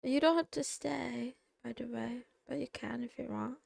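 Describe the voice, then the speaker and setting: A young woman VTuber streamer chatting casually and playfully while eating on a quiet stream. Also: on the high side, moderate pace, vocal fry, dry recording, studio quality.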